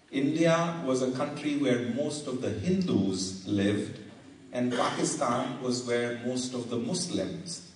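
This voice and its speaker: A man giving a guest lecture, telling a story slowly and deliberately with pauses. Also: mid-range voice, a little mellow, a little hiss or hum. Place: lecture hall. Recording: echoey hall, mic far off.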